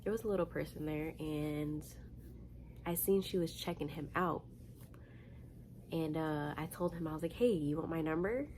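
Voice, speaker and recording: Lower-voiced woman telling a story, slangy. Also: moderate pace, long pauses, slight background noise. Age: young adult. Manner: animated, slangy, laughing storyteller. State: tired. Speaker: vlogger. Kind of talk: casual storytime.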